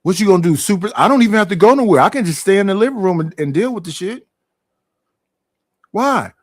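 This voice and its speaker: A middle-aged man rants to his stream from home. His talk is profane and animated, and he keeps asking rhetorical questions. His voice sits a little high and sounds dry and close. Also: rapid-fire, no room sound. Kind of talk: casual ranting monologue.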